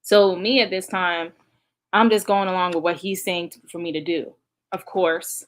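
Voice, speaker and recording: A woman's voice: on the low side, fairly even intonation, normal speed. Woman vlogger sighing through a recap. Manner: emotional, sighing, talks straight to viewers. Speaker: vlogger recounting past events. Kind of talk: casual reaction commentary.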